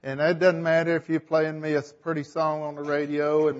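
A man's voice: on the high side, completely flat delivery, normal speed, highs cut off. A man leading a group Bible discussion, thinking aloud and asking the group questions. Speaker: Bible study leader.

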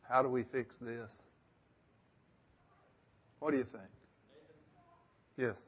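A man's voice: mid-range voice, fairly even intonation, slow, slightly rough, highs cut off. A man leading a group Bible discussion, thinking aloud and asking the group questions. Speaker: Bible study leader.

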